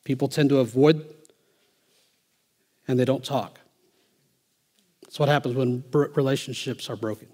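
A male pastor preaching a sermon, emphatic and swinging from quiet asides to loud, driving lines. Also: medium pitch, steady tone, moderate pace, pauses often.

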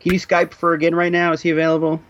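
A man's voice: on the high side, completely flat delivery, quick pace, a bit bright, a little hiss or hum. A man hosting a podcast in casual chat, wry and teasing with playful asides. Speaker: podcast host.

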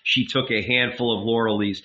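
Audiobook narrator, male, measured, bright tone, slightly muffled recording. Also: on the low side, fairly even intonation. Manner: measured, unhurried. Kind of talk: audiobook reading.

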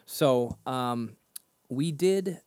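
Speaking in a smooth, slightly mellow mid-range voice, a Boston-area man in his thirties co-hosts a podcast with animated energy. The studio-quality audio has no room sound, and his talk is a loose, rambling chat full of self-mockery and his own laughter.

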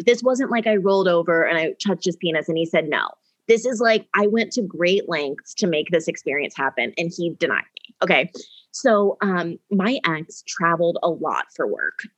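Woman, storyteller in casual chat; animated, acts out quotes. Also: fairly low pitch. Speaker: guest telling a personal story.

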